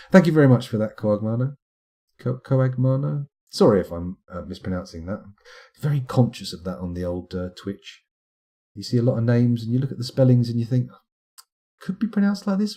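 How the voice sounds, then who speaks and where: A man's voice: mid-range voice, mellow, husky. A middle-aged British man streaming a game live, chatting in a rambling, self-deprecating way as he plays and reads out comments.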